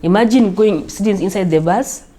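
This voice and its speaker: A woman's voice: medium pitch, normal speed, warm tone. A woman from Africa, a guest in an interview, telling her own story in simple, repeated phrases.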